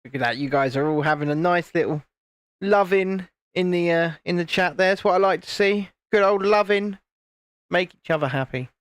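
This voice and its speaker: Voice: medium pitch, normal speed, clear, resonant tone, dry recording, clean studio sound. A British host chatting casually on a livestream from home, reading chat messages aloud and laughing often, recorded on a phone. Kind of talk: casual live chat while building. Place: home, indoors, in the evening. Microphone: phone camera.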